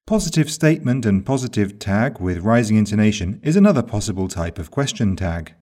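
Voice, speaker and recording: A man narrating a lesson in a measured, carefully enunciated way. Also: on the low side, lively intonation, dark tone. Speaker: English teacher.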